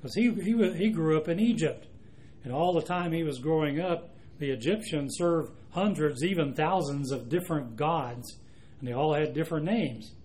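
A man preaching a sermon, speaking emphatically and slowing down to stress quoted scripture. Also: on the high side, a little mellow, a little hiss or hum.

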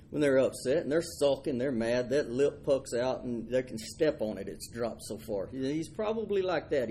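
A man's voice: mid-range voice, mellow, a little hiss or hum. A man preaching a folksy sermon. He stumbles over and repeats his words and acts out the people in the story.

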